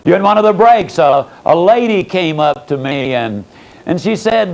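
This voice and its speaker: Older man, Southern accent, motivational speaker, fairly high voice, dramatic rises and drops. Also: expressive, gravelly, rough recording. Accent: Southern American. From Southern United States. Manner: dramatic swings in pitch and loudness, drawn-out pauses. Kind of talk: motivational speech with storytelling. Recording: old audio tape recording.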